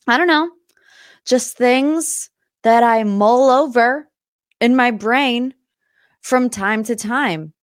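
A woman's voice: a little high, takes it slowly, long pauses, dry recording, studio quality. A young adult woman hosting a solo pop-culture podcast in casual chat, talkative and prone to tangents. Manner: chatty, tangent-prone, animated asides. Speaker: podcast host.

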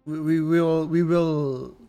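A man playing a tabletop game, halting and restarting as he lays out plans. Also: fairly high pitch, fairly even intonation, dark tone, clear, resonant tone, soft background music. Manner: halting, restarting, eager planner. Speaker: player. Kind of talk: tabletop role-play, in and out of character.

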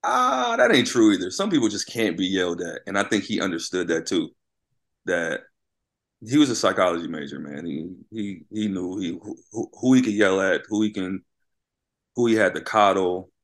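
A man with a very low voice tells an animated basketball story in a casual interview. He is a former college player who now coaches high school, and he keeps checking in with his listener. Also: normal speed.

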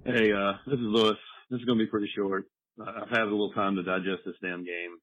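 Fast, frustrated male caller, lo-fi. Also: lowish voice, steady tone, fairly bright tone, dry recording. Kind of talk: voicemail rant.

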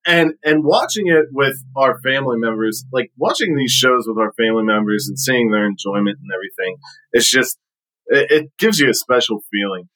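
Casting: man, casual storyteller, rambling with fillers, mid pitch. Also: animated, brisk, a bit bright, rough recording.

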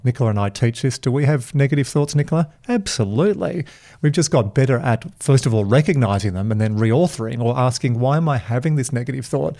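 A man hosting a podcast, talking in an energetic, emphatic way and telling animated stories. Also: mid-range voice. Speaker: podcast host. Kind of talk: casual podcast chat.

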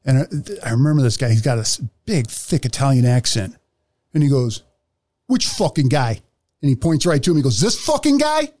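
A man co-hosting a podcast, telling old police stories in a casual, animated way, swearing and laughing often. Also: medium pitch, fast, dry recording. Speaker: podcast co-host, former police officer. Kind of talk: casual storytelling chat.

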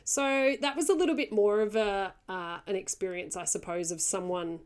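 A woman's voice: medium pitch, normal speed, clear, resonant tone. A woman co-hosting a podcast in casual chat, reading listener stories aloud and often breaking into giggles. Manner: giggly, chatty, digresses. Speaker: podcast co-host.

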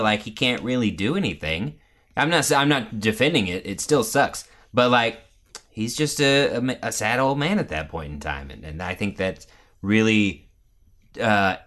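A man in casual conversation about a movie, animated and arguing his point, acting out quotes as he goes. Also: lowish voice.

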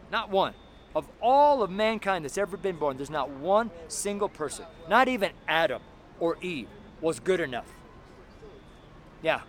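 A tired man preaching loudly and bluntly on a city street, speaking to passers-by. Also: sits high. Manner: loud, blunt and fervent, talking to passers-by. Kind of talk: outdoor street sermon. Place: city street with walls around. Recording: faint city street noise. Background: traffic and street noise.

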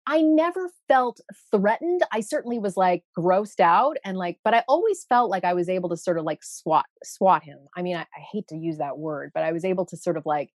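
A woman's voice: fairly low pitch, brisk, few pauses, no room sound. Woman from Canada, chatty storyteller, full of fillers, dry close sound. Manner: animated, acts out quoted voices, many fillers. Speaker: guest. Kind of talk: casual interview storytelling.

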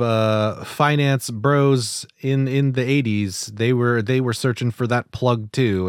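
A man co-hosting a podcast, talking in a relaxed, easygoing way with some hesitant restarts. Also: medium pitch, no echo, studio quality. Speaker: podcast co-host. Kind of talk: casual podcast chat.

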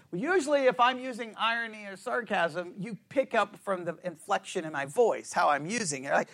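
Man, Bible study teacher, playful, conversational, high-pitched, very animated. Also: dry recording. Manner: conversational, playful, acts out sarcastic lines, frequent "right?" checks.

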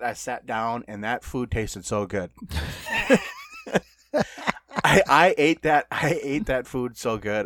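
A man's voice: lowish voice, fairly bright tone, dry recording. A man co-hosting a podcast in casual chat, telling stories in a rambling way full of fillers. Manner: rambling, filler-heavy storytelling. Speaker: podcast co-host.

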